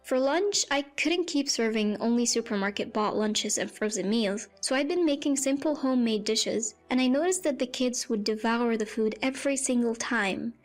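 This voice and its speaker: A woman narrating a first-person story in a plain, even storytelling voice. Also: a little high, normal speed, few pauses. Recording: faint music behind.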